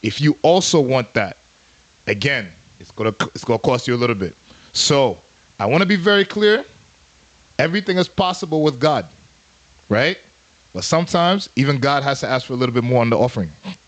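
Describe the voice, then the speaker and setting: A man's voice: mid-range voice, lively intonation, a little fast, long pauses. Brief: male podcast co-host, easygoing and jokey, loops catchphrases. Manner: playful, repeats catchphrases. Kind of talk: casual chat.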